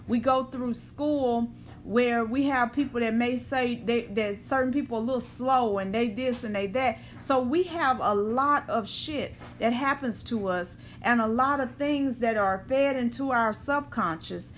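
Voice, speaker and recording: A woman giving a blunt, emphatic spiritual talk who swears freely, then eases into a slow guided visualization. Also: fairly high pitch, slight background noise. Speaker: spiritual teacher. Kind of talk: spoken ritual talk.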